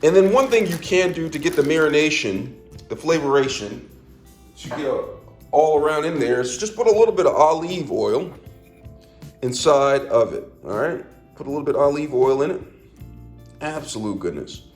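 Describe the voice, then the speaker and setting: A man's voice: a little high, lively intonation, normal speed, faint music behind. A man giving a casual cooking demonstration at home, folksy and full of repeated catchphrases, dropping his voice on little asides. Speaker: home cook.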